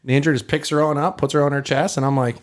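A man telling animated stories in a casual podcast chat, acting out the voices of the people in them. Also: a little high, quick pace. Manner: animated, acts out voices in anecdotes. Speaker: podcast host.

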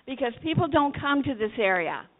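Animated woman preacher, tinny phone sound. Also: high voice, fairly quick. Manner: dramatic storytelling with acted-out voices. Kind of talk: sermon to teenagers.

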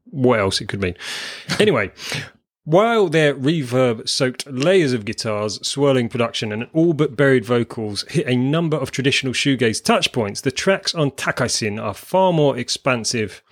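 A man's voice: mid-range voice, expressive, moderate pace. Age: adult. Sex: man. Role: chatty podcast co-host. Style: rambling, self-deprecating music chat. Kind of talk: casual chat about music.

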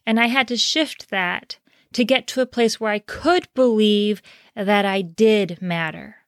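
A woman confidence coach giving an earnest motivational talk, slowing down to stress key phrases. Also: medium pitch, no echo, studio quality.

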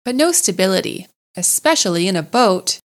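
A woman doing a loud, bouncy otter. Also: medium pitch, sing-song, moderate pace, close to an everyday voice. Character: lively, gossipy male otter.

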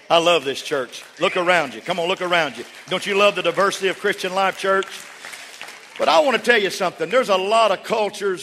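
A man preaching a sermon to his congregation, who moves between quiet storytelling and shouted calls for the crowd to respond. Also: fairly high pitch. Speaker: pastor. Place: large church hall with congregation. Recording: church hall reverb with congregation.

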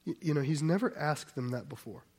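A man's voice: a little high, animated, a little fast, a little mellow, slightly rough. A man preaching a conversational sermon, often asking his listeners rhetorical questions and restarting his sentences. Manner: restarts and self-corrections mid-sentence.

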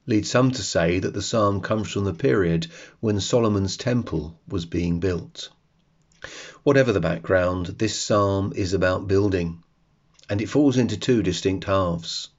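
A man hosting a devotional podcast, reading and reflecting on a psalm in a slow, measured way. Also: low voice, lo-fi sound. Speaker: podcast host.

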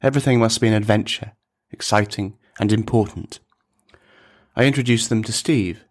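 Brief: male narrator, low voice, measured deadpan storytelling. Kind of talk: scripted narration of a dark comic story.

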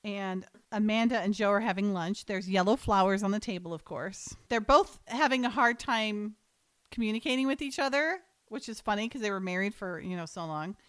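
Woman co-host, medium pitch, animated casual recap reading script lines. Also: clear, resonant tone. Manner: animated, reads scene lines in quick paraphrase. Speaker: podcast co-host recapping a TV episode.

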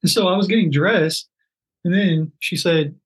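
A man's voice: high voice, moderate pace, slightly rough, rough recording. A man, a podcast guest, adding to his wife's story in a dry, understated, casual way. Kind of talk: casual chat.

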